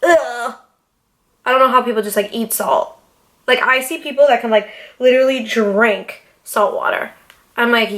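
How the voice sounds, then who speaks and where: A young woman talking straight to her camera in a casual sit-down vlog, animated, dramatic and full of swearing. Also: a little high, moderate pace. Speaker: YouTuber. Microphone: camera mic, seated in front of camera.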